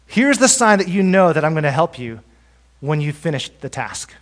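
Male pastor, slightly high voice, sermon delivery with loud-to-hushed dynamics. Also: sing-song, moderate pace. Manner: dynamic preaching, drops to a hushed voice for emphasis.

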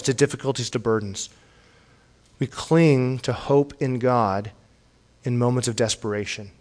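A man preaching a sermon in an earnest way, often repeating words as he restarts, and rising to a pleading tone when he reads scripture aloud. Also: medium pitch. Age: young adult or middle-aged, has children. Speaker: pastor.

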